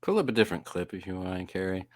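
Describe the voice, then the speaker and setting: A man's voice: low voice, lively intonation, fast, no echo, clean studio sound. A man co-hosting a casual chat show, playful and jokey. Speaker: co-host.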